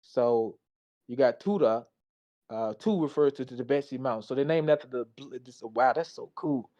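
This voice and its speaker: On a muffled recording, a weary man with a medium-pitched, dark-toned voice speaks at normal speed. He reads his slides out in a casual, slangy way, reacting and answering back as he goes.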